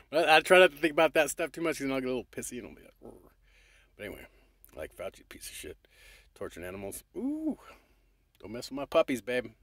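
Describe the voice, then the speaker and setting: A man's voice: mid-range voice, fairly bright tone, no echo, clean studio sound. A man talking straight to his viewers in a rambling, affectionate, profane motivational monologue. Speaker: vlogger.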